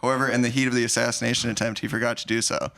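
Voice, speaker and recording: A young man with a gravelly, fry-edged voice that still sounds bright and forceful. He chats loosely on a podcast, running through a film's plot and slipping into quick mock quotes. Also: medium pitch, little pitch movement. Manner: recaps the movie plot with jokey quoted asides. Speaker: podcast co-host. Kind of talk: casual podcast chat.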